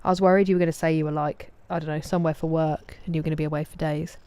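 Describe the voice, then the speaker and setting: A woman chatting casually with live viewers while gaming, greeting them by name and dropping soft asides. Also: low-pitched, little pitch movement, racing, clean tone, dry recording. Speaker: streamer.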